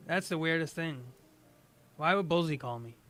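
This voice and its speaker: A man's voice: on the high side, moderate pace, a crowd in the background. A man in casual call-in chat, hesitant and unsure, stalling as he talks.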